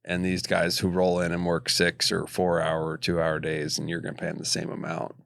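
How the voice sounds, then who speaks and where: A man co-hosting a casual faith podcast, retelling a story haltingly with many restarts. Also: low voice, completely flat delivery, gravelly, a bit bright, no echo, clean studio sound. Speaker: podcast co-host.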